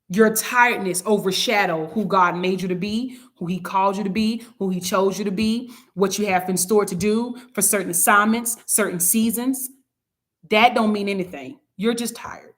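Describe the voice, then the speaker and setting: Woman teaching a casual Bible study. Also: medium pitch. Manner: conversational, preachy, acts out little quoted scenes.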